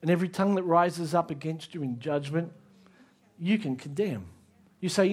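A man preaching a sermon, emphatic, asking the audience direct questions and rising to near shouts on key lines. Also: fairly high pitch, normal speed, husky.

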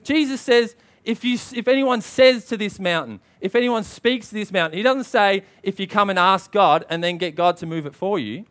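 A man's voice: high-pitched, moderate pace, few pauses, fairly bright tone. A man preaching a sermon, emphatic and punchy, often calling out to the congregation for a response.

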